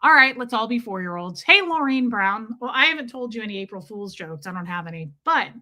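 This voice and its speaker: A woman hosting a livestream, telling a story in a chatty, animated way while greeting her chat. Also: fairly high pitch, a little fast. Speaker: livestream host.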